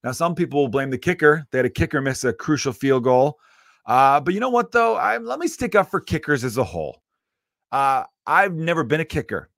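A man's voice: a little high, brisk, dry recording, clean studio sound. A man, a comedian hosting his podcast, ranting casually with lots of swearing and asides. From Chicago area. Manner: profane, animated ranting with frequent asides.

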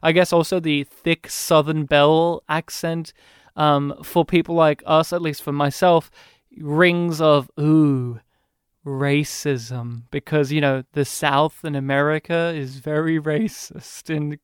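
An Australian man co-hosting a podcast, chatting casually about a film with quick asides. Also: fairly high pitch, fairly even intonation, clear, resonant tone, no room sound, studio quality. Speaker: podcast co-host.

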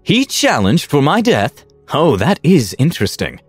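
A man's voice: on the high side, wildly swooping pitch, measured pace, breathy edge, no echo, soft background music, pitched above the performer's own voice, heavily acted. A man voicing a flamboyant, flirtatious rich male merchant in a theatrical, playful manner. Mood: gleeful.

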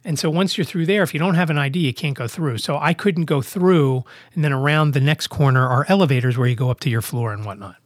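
Man, podcast host, storytelling monologue, fairly high voice, dry close recording. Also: quick pace, few pauses, dry recording. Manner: animated, acts out both sides of dialogue.

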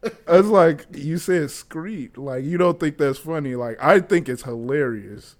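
A married man hosting a podcast in casual chat, telling stories in a laid-back way and drawing some words out slowly. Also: on the high side. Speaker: podcast host.

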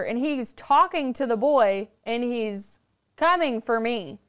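Podcast guest: a woman telling stories, casual and animated, fond of swearing, with a smooth, clear voice. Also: a little high, takes it slowly. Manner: animated, chatty, swears freely. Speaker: podcast guest, paranormal storyteller. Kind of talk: casual storytelling.

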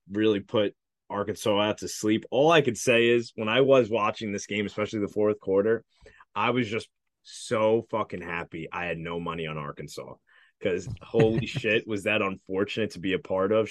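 Deep-voiced man rambling about sports bets. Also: no room sound. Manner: rambling, laid-back, swears freely. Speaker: podcast co-host, betting analyst. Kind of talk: casual sports podcast chat.

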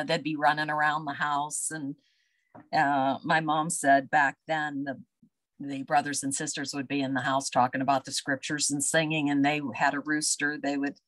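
A woman recalling family memories as an interview guest, unhurried and full of fillers. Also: sits low, a bit bright, dry recording. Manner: reminiscing, unhurried, with many fillers. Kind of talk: casual storytelling.

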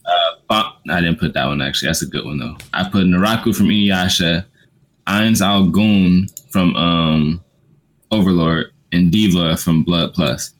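A man's voice: low-pitched, a little slow. A man co-hosting a casual podcast chat, laid-back and slangy. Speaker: podcast co-host.

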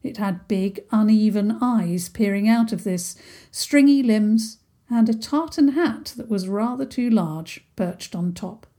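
A woman reads a children's story aloud in a gentle, unhurried way. Her voice is husky and mellow, and she speaks at a slow pace. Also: mid-range voice, lively intonation. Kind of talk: scripted children's story narration.

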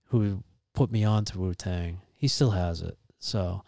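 A man, telling a wild anecdote in an animated, profane, casual chat. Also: sits low, measured pace, creaky, no room sound, studio quality.

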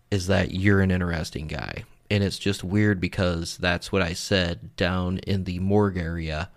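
Gravelly deep-voiced man, blunt. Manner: blunt, profane, laughs at himself. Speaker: paranormal vlog host. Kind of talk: casual narration over recorded clips.

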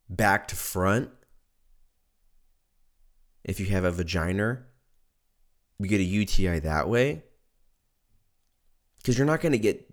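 A hoarse man with a very low voice rants loosely as a podcast host, swearing freely and cracking himself up. His delivery is offhand and conversational, one riff rolling into the next. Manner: profane, joking, riffs with laughter. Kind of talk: casual podcast rant.

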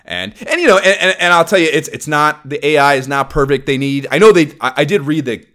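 A man's voice: on the high side, fairly quick, fairly bright tone. A man, co-hosting a casual gaming podcast, rambling and swearing with lots of fillers. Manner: rambling, profane, filler-heavy. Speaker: podcast co-host.

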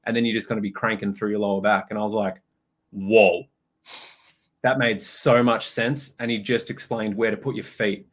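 A young man chats on a podcast. His voice sits a little low. He tells stories with lots of energy, acts out what people said, and swears casually. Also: fast, hardly any pauses. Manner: animated storytelling, acts out quotes, swears. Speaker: podcast co-host, personal trainer. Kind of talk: casual chat.

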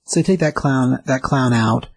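Gravelly, husky man retelling comics. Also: medium pitch, moderate pace, no room sound, rough recording. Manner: loose and chatty, with many fillers and restarts. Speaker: comic book recap host. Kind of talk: casual retelling of a comic story.

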